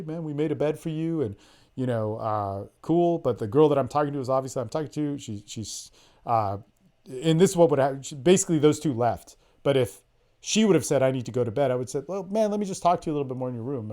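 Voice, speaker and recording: A man's voice: a little high, mellow. Profane, emphatic man telling a story. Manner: profane, emphatic, acts out quoted voices. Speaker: podcast host, dating coach. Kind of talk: casual storytelling monologue. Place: call recording.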